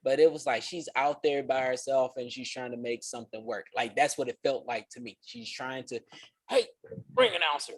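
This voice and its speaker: A man's voice: medium pitch, flat delivery, brisk, few pauses, husky, no room sound, poor audio. A man co-hosting a casual wrestling podcast, talking loosely and rambling with lots of "like". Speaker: podcast co-host.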